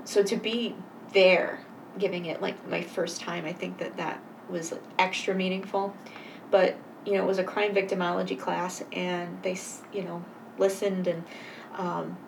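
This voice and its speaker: Gravelly-voiced woman telling her story. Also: lowish voice. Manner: earnest, halting, reflective. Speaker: guest. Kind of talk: personal storytelling in conversation. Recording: voice a bit far from mic, faint noise.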